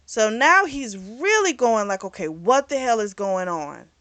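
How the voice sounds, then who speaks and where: A woman's voice: fairly high pitch, very animated, measured pace, fairly bright tone, no room sound. A woman hosting a book club channel, casually recapping a novel's plot with quoted dialogue. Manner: chatty, retells scenes with quoted lines.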